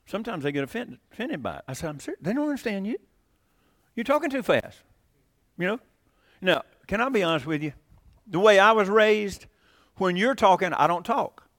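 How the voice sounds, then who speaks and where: A middle-aged man with a drawl leads a relaxed Bible study. His voice sits fairly high for a man and sounds close and dry. He drifts between points and keeps turning questions back to the class. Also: no echo. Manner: folksy, rambling, asks the class questions. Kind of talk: casual Bible class teaching.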